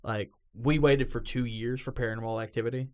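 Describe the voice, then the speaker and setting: A man's voice: medium pitch, fairly quick. A man hosting a casual chat, telling stories with lots of swearing and acted-out quotes. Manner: animated storyteller, swears freely, acts out quotes. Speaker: podcast host.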